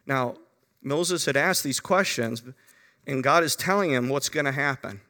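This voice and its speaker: A man's voice: mid-range voice, a little slow, sharp tone, in a large hall. A man preaching a Bible-teaching sermon, talking to his listeners conversationally with frequent asides.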